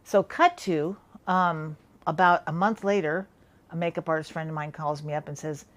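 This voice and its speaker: A woman makeup artist tells a casual anecdote in a somewhat low voice. She talks chattily and slips into quick impressions of the people in her story. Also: fairly even intonation.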